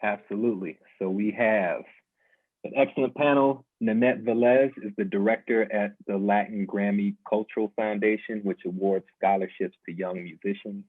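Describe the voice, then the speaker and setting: A man co-hosting a panel, introducing the guests one by one in a steady, listing manner. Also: lowish voice, moderate pace, dry recording. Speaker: panel co-host. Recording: tinny phone-like line, dry.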